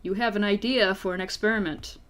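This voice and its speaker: A woman's voice: mid-range voice, steady tone, a little fast, fairly bright tone. A woman reading an adventure book aloud as game master, playful and casual, laughing and swearing among friends. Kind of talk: reading a story aloud to players.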